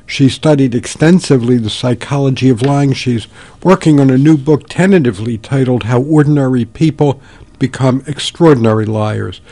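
A man hosting a public radio talk show, introducing guests and telling a story in a calm, measured way. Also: medium pitch.

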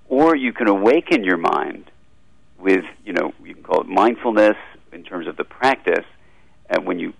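A middle-aged psychiatrist is a radio interview guest. His voice is very low, with heavy gravel and a husky edge. He explains his ideas fluently and in a measured way. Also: no echo, low-quality recording.

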